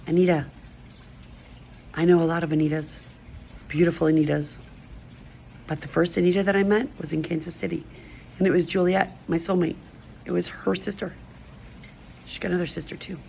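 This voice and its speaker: A woman's voice: sits low, creaky, mellow, a little hiss or hum, poor audio. A middle-aged woman rambling emotionally in a personal video monologue. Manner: rambling, emotional, stream-of-consciousness. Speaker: vlogger.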